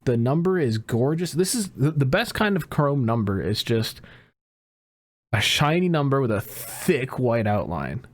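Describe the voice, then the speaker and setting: A man's voice: medium pitch, big pitch swings, unhurried. A man on a casual podcast, talking loose and profane, ranting with bursts of rising energy. His voice sits mid-range. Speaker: podcast co-host.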